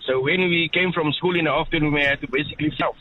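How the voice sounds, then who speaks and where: A man's voice: a little high, quick pace, noisy background. Chatty man calling from car. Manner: chatty, laughing, storytelling. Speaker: caller. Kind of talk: casual phone-in chat. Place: car while driving. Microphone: phone line. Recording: muffled phone line from a car.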